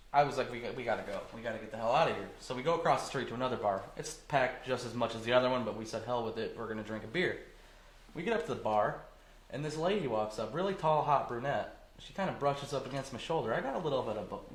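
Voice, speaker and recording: A man in his twenties from Michigan, telling a story as a podcast guest in a casual, animated and profane way. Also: medium pitch, fast talker, reverberant, low-quality recording. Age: 20s.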